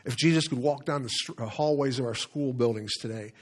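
A man preaches from the pulpit, steady and earnest. His voice sits at an ordinary middle pitch, and he paces his words with pauses, rising to stress key lines as he works through a passage. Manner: earnest, with pauses and self-corrections while reading scripture. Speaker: pastor. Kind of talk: sermon.

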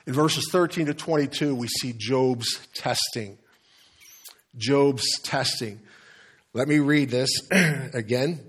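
A man's voice: mid-range voice, slow, breathy edge. A man, a pastor, preaching a sermon in a candid, conversational storytelling manner, often restarting phrases, then reading scripture aloud.

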